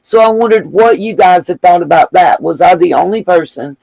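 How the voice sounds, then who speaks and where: Gravelly woman hosting a livestream. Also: lowish voice, moderate pace, darkish tone, no echo, low-quality recording. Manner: effusive, gushing thanks to viewers with endearments. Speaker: livestream host. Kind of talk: casual live-stream chat reading viewer comments.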